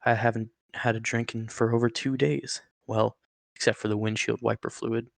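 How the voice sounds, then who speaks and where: A parched man stranded in the desert, croaking out anxious questions, as a man reading the story voices him. His speech is rough and gravelly, with the uneasy, questioning manner of someone who has just woken up somewhere strange. The sound is close and dry. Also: medium pitch, level tone, normal speed, no room sound, natural voice. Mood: bewildered.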